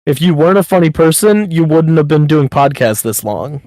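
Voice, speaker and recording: A man's voice: fairly high pitch, normal speed, a little mellow, no room sound, low-quality recording. A man co-hosting a casual podcast chat, talking bluntly with swearing and handing out encouraging advice. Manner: blunt, swearing, gives pep-talk advice. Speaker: podcast co-host.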